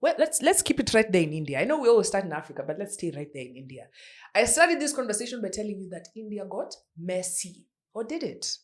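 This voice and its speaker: A woman of around forty hosting a pop-culture news podcast, chatty and animated, full of rhetorical questions. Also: mid-range voice, fast talker. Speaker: podcast host.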